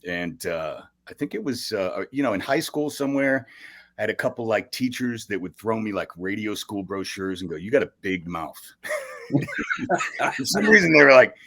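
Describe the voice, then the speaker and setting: Middle-aged male guest, low register, big swings in pitch; an animated storyteller who laughs often. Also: moderate pace. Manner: animated storyteller, bursts of laughter, acts out quoted voices. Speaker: radio host guest. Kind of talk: storytelling in casual podcast chat.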